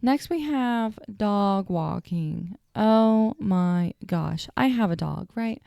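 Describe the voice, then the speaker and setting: Sleepy young woman rambling on her podcast, kinda stuttery, low warm voice. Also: lively intonation, slow, gravelly, no room sound, studio quality. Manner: chatty, self-deprecating, stutters at times. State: sleepy, yawning. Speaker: podcast host. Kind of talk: casual solo storytelling.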